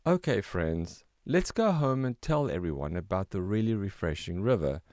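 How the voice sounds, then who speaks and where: An older man narrating a children's story in a gentle, expressive read-aloud manner. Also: deep voice, moderate pace, no echo, studio quality.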